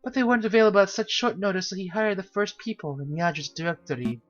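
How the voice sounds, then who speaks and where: A game player voicing a cheerful, naive young female cat aristocrat with bubbly, sing-song storytelling, over a slightly dull lo-fi recording with soft music behind. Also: medium pitch, quick pace, voice pushed up, close to an everyday voice. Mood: chatty.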